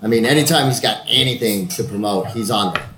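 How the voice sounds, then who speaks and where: A man's voice: fairly low pitch, fairly quick, sharp tone, roomy sound. A man chatting casually on a video call, laid-back and slangy, laughing easily. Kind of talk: casual chat.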